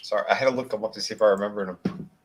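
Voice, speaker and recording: A man co-hosting a wrestling podcast, making quick, casual remarks with some swearing. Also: fairly low pitch, fairly even intonation. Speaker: podcast co-host.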